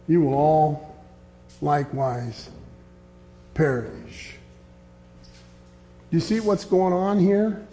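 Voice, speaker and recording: Earnest man preaching with a mellow voice. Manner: earnest, quotes scripture, drops low and quiet on key points. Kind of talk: sermon.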